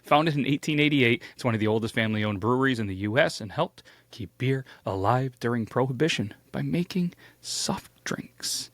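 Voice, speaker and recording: A man's voice: medium pitch, expressive, moderate pace, hardly any pauses, fairly bright tone, no room sound. A man hosting a casual storytelling show, playful and jokey, with big swoops of emphasis. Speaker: host.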